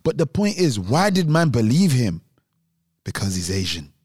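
A man's voice: medium pitch, sing-song, moderate pace, darkish tone, slightly rough, dry recording, clean studio sound. A young man, telling a story on a casual podcast and acting out other people's voices. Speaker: podcast co-host.

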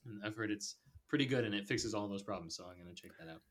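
A man's voice: lowish voice, fast, fairly bright tone. A man hosting a podcast in casual chat, rambling with lots of filler words and frequent laughs. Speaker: podcast host.

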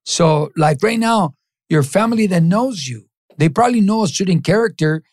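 A middle-aged man from East Los Angeles appears as a podcast guest, delivering a lively motivational talk where he acts out the voices in his stories and slips in Spanish phrases. His voice sits high and moves at a moderate pace, captured in studio quality with no echo.

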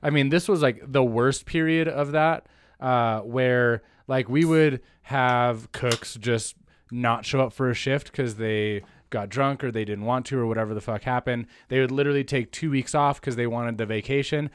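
A man co-hosting a podcast, chatting casually in a relaxed, easygoing way. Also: medium pitch, normal speed, clean tone. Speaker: podcast co-host. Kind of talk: casual chat.

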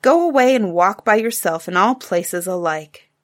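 A woman's voice: medium pitch, expressive, normal speed, natural voice. A woman voicing a wise, proud cave woman in a storybook fable, firm and dismissive.

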